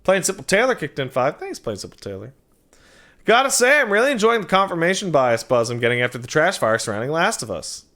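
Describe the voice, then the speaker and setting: A man hosting a game livestream, thanking viewers and reading their messages in a loose, joking chat. His voice sits a bit above the usual male pitch and swings up and down in a very animated way, with quick throwaway asides. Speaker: game streamer.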